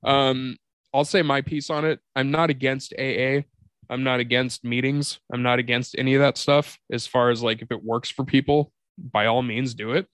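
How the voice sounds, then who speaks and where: A mid-pitched man talks frankly on a podcast, telling a personal story with plenty of swearing. His delivery is loose and confessional, the way comedians chat with each other. The voice sits close and dry on the mic. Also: fairly even intonation, normal speed, fairly bright tone, dry recording. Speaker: podcast co-host. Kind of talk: candid comedic podcast conversation.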